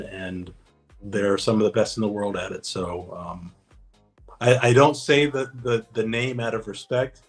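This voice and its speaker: A man of ordinary pitch guests on an interview podcast. He tells stories casually and acts out what people said. Faint music plays beneath his voice. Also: rough recording. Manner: easygoing anecdotal telling, acts out dialogue. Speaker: guest, former Navy special operator.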